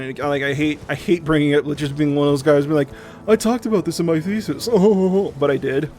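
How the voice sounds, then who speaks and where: A young man chatting casually on a livestream, animated and profane, often mimicking other people in quick asides. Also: fairly high pitch, slight background noise. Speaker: streamer.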